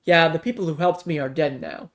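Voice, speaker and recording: A man voicing a tired young male survivor who lost a finger, speaking flatly and evasively. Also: a little high, brisk, vocal fry.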